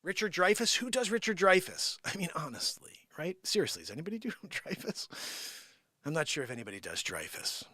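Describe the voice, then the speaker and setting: A man hosting an improvised comedy live stream, joking and swinging between shouting and whispering. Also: on the high side, sing-song, brisk, dry recording, clean studio sound.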